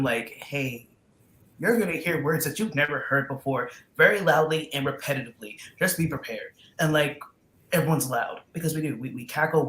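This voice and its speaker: Animated woman telling stories in an echoey room. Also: a bass voice. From Southern United States. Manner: animated storyteller, loud laughs. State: sick. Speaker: co-host. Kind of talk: casual chat on a stream. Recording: roomy echo, faint background noise.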